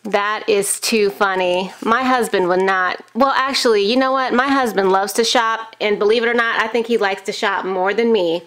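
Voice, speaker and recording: A woman's voice: mid-range voice, fairly even intonation, moderate pace, few pauses, a bit bright. A woman in her thirties, a crafting video host, chatting casually and gushing with enthusiasm while she unboxes a package. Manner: gushing, enthusiastic, frequent gasps. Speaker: crafting YouTuber.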